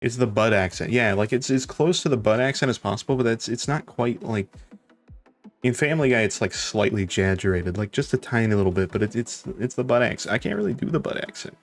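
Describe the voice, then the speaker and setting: A man's voice: mid-range voice, lively intonation, brisk, soft background music. A young man chatting casually on a live stream, rambling, laughing often and swearing now and then.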